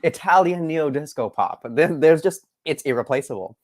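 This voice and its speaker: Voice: medium pitch, lively intonation, normal speed, a little mellow. A co-host of a casual chat show, talking expressively with sighs and laughs. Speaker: podcast co-host.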